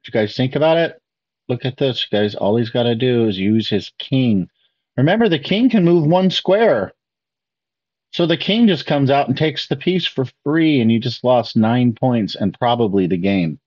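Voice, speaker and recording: In a mid-range, slightly mellow voice with lively intonation, a man speaks at a moderate pace over dull audio. He's hosting a chess video and reacting to a lesson, casually narrating the moves step by step while asking viewers questions.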